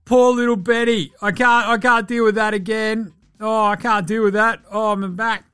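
A man's voice: high voice, steady tone, normal speed, pushed and bright, clean tone, pitched above the performer's own voice. A man mocking a whiny sore-backed basketball star. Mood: pitiful. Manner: whiny, drawling, mock-pitiful. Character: sulky male basketball star faking a sore back.

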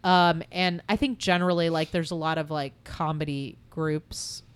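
A woman's voice: low-pitched, fairly even intonation, moderate pace, smooth, no room sound. A woman hosting a casual podcast, leading the discussion with a frank, blunt manner. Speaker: podcast host. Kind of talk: casual chat.

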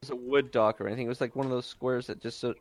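A man in casual chat, calmly explaining details matter-of-factly. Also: medium pitch, rapid-fire, no room sound.

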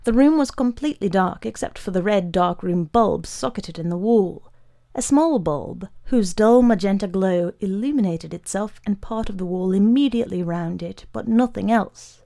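A woman narrating a literary short story in a measured, unhurried way. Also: mid-range voice, gravelly, dark tone.

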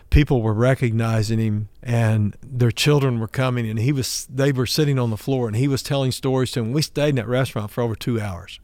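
A middle-aged man from Oklahoma delivers a sermon as a long personal story. He voices each speaker in his tale, lifting his pitch for the quoted lines. The recording is dry and close, and his voice sits at a middle pitch. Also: darkish tone, smooth, dry recording. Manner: acts out dialogue in his stories, raising his voice for the quoted lines. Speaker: pastor.

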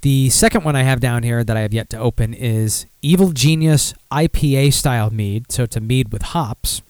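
A man's voice: medium pitch, normal speed, darkish tone, smooth, dry recording. Rambling man hosting a beer podcast. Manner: rambling, self-deprecating, with many fillers and restarts. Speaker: podcast host. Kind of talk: casual solo beer podcast talk.

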